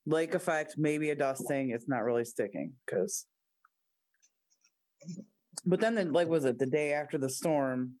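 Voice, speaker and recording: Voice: mid-range voice, a little slow, pauses often, a little mellow, no echo. An adult co-host talking frankly in casual chat, telling stories with quoted asides.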